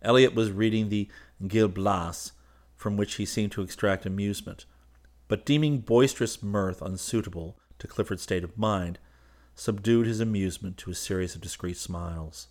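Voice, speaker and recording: A man reading a classic novel aloud in measured, even audiobook narration. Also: fairly low pitch.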